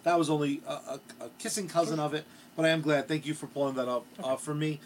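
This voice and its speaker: A man's voice: a little high, flat delivery, fast, a little hiss or hum. A male podcast co-host in casual comedic chat, rambling and hesitant, with crude jokes and many asides.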